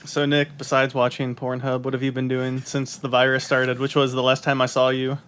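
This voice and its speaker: A man hosting a casual podcast chat, joking and trading quick banter with friends. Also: mid-range voice, completely flat delivery, fairly bright tone, smooth. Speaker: podcast host.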